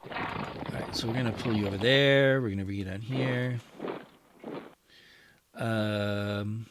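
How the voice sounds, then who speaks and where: A man's voice: lowish voice, steady tone, unhurried, a little hiss or hum. A man hosting a strategy game play-through, musing aloud and talking to his units as he moves them. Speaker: wargame channel host.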